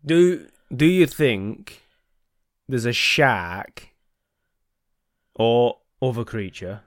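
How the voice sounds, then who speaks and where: A man's voice: mid-range voice, big pitch swings, very slow, no echo, studio quality. Laid-back man hosting a podcast. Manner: loose, swearing, chatty. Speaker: podcast host. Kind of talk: casual chat.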